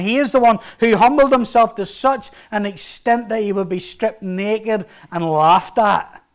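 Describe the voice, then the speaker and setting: High-voiced impassioned male preacher. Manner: impassioned preaching, rising emphasis and hushed drops. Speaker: pastor. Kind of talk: sermon.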